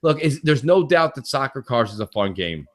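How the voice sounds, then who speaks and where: A man's voice: medium pitch, moderate pace. A man on a casual gaming podcast, ranting animatedly and acting out quoted conversations, with plenty of swearing. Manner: animated, profane, acts out quotes. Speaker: podcast co-host.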